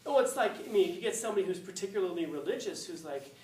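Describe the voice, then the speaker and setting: A man's voice: high voice, expressive, racing, a little mellow. Male teacher, casual storytelling lecture with a joking tone, recorded from afar with faint hiss. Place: classroom. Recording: echoey classroom, far mic, faint hiss.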